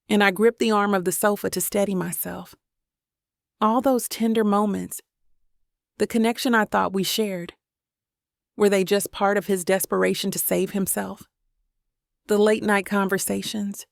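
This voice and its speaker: Gravelly-voiced woman narrating a romance. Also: medium pitch, dry recording, studio quality. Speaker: audiobook narrator. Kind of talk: first-person romance audiobook narration.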